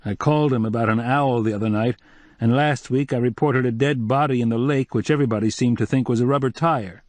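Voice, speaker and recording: A man's voice: medium pitch, brisk, a little mellow, no room sound, voice pushed up, close to an everyday voice. A man voicing a wry, curious newspaper reporter in an audiobook, in a dry recording.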